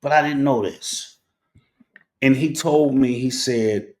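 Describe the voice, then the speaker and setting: Brief: middle-aged male host, unhurried storyteller, measured delivery with pauses, mid-range voice. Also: medium pitch, a little mellow. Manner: deliberate, with pauses and rhetorical "right?". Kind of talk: personal storytelling monologue.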